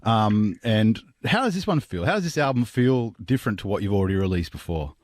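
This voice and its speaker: A man's voice: lowish voice, lively intonation, fairly quick, a little mellow, no echo. An Australian man introducing a band and interviewing a guest on radio, friendly and enthusiastic, a bit rambling. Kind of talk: scripted intro then interview.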